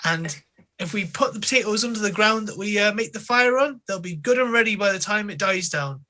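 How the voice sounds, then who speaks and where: A man chatting casually as a tabletop player, stammering when he gets excited. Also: high voice, fairly quick.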